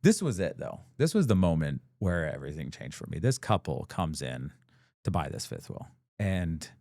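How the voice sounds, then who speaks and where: A man's voice: a bass voice, big pitch swings, moderate pace, vocal fry, darkish tone, no room sound, studio quality. A man, a business owner and guest, telling his story in a casual, rambling way with many fillers and acted-out quotes. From United States. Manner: rambling, full of "like" fillers, acts out quoted dialogue.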